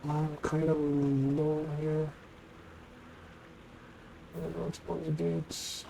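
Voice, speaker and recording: A male game streamer chats his way through gameplay in an unhurried, drawn-out delivery, his voice sitting a little high for a man. He thinks aloud, gets excited easily and swears freely. A faint hiss of background noise runs under his talk. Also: gravelly. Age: adult, former teacher. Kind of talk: casual live gameplay commentary.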